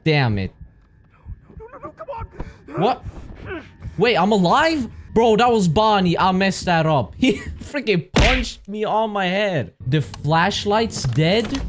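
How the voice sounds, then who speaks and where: A young man with a high, wildly swinging voice calls out each moment of a horror game, hyper and loud, cursing as he goes. Eerie game ambience hums clearly behind his speech. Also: big pitch swings, slow, long pauses, noisy background. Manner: hyper, jumpy, loud reactions and swearing. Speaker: gaming channel host. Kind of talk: horror game let's play commentary.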